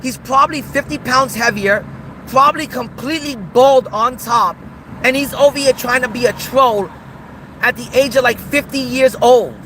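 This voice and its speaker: A man's voice: extremely high pitch, normal speed, sharp tone, slight background noise, poor audio. A man hosting a livestream, ranting in a taunting, mocking, repetitive way. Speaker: streamer host. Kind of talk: livestream rant.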